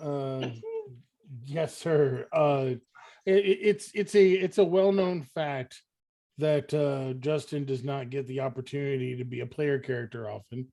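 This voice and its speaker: A man running a tabletop game as game master, halting with many fillers and easily amused. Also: medium pitch, creaky, dark tone.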